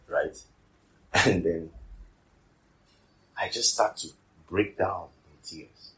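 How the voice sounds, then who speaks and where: A man's voice: low-pitched, dull audio. A man preaching a sermon, repeating his phrases and putting rhetorical questions to the congregation.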